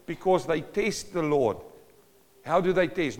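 A man's voice: on the high side, animated, measured pace, darkish tone, in a large hall. A man preaching a sermon, emphatic and calling out to the congregation for responses.

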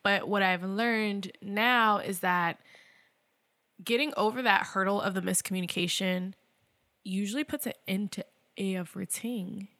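Bright, dry-sounding young woman chatting. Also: medium pitch, unhurried, no room sound. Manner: animated, playful, laughs often. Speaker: podcast co-host. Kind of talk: casual chat. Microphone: close podcast mic.

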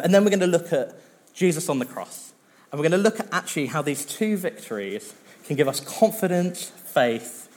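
A man preaching to his congregation in an earnest, conversational way. His voice sits a little higher than most men's. He pauses now and then on a filler as he goes. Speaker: pastor. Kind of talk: sermon.

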